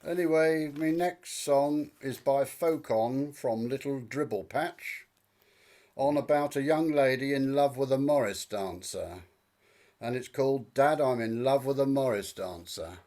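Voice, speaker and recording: A man performing a comic folk song in a slow storytelling manner, playing into a video call from home. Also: mid-range voice, warm tone. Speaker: folk club singer.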